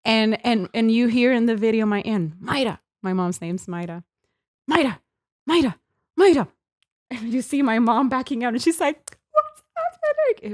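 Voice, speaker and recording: A young woman in her twenties, a podcast guest, telling a story in a lively way and acting out what people said. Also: no echo, studio quality. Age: 20s. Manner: lively, acts out quotes with big pitch jumps. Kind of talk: animated storytelling.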